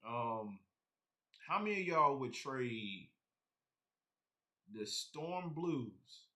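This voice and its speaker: A man's voice: mid-range voice, fairly bright tone. A man chatting casually on a live stream about his sneaker collection, rambling and talking straight to his viewers.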